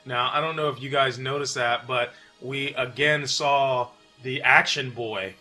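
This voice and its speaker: Chatty bright-voiced man commenting on a game. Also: mid-range voice, measured pace, faint music behind. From New York. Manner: relaxed, chatty, frequent fillers. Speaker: channel host. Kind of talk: casual gaming commentary.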